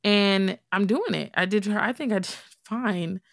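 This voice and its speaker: Speaking in a gravelly, mid-range voice at a measured pace, a young adult woman chats on her solo podcast. She's candid and casual, talking as if to a friend. The recording is clean studio audio with no room sound.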